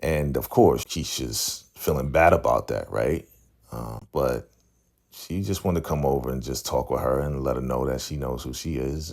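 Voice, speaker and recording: A man's voice: extremely low pitch, gravelly, darkish tone. A man hosting a casual TV episode recap, laid-back and conversational, often checking in with "right?" and acting out the characters' lines. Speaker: TV recap channel host.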